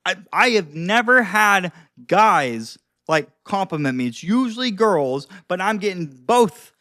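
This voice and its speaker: A man's voice: high voice, sing-song, a little slow, bright, forceful tone, dry recording, clean studio sound. A young man giving casual advice on social skills, loose and chatty with lots of fillers and some cussing. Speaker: social skills video host. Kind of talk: casual advice talk to camera. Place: seated indoors.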